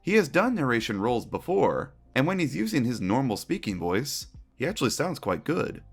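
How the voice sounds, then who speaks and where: Man, scripted commentary, wry and opinionated, lively intonation, faint music underneath. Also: medium pitch, normal speed. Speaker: retrospective video narrator.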